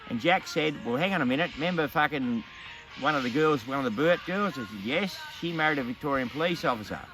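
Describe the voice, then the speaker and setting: A man's voice: on the high side, expressive, quick pace, a bit bright, faint music behind. A middle-aged man with an Australian accent telling a casual spoken anecdote in a blunt, heavily profane way. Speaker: storyteller.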